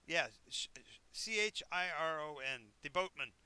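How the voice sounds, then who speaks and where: A man's voice: fairly high pitch, lively intonation, measured pace, bright, forceful tone, clear, resonant tone. A man narrating a tabletop game as game master, describing scenes in a rambling, self-correcting way.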